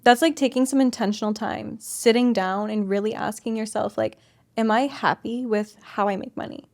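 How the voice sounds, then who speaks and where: A woman's voice: a little high, fairly even intonation, moderate pace, creaky. A woman guest on an interview, a sales coach, talking candidly and animatedly, peppering her speech with "like". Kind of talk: casual conversational interview.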